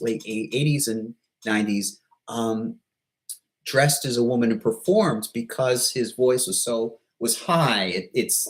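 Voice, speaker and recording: Hesitant rambling man, halting vlog talk. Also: mid-range voice, rough recording. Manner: hesitant, halting, full of ums and restarts; rambling and self-deprecating. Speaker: YouTuber. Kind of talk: casual vlog monologue.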